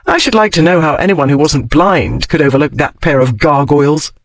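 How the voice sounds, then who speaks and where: A man narrating an audiobook, voicing a sharp-tongued young Regency woman journalist with crisp, defiant retorts. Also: fairly high pitch, brisk, no room sound, natural voice. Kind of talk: audiobook character voice.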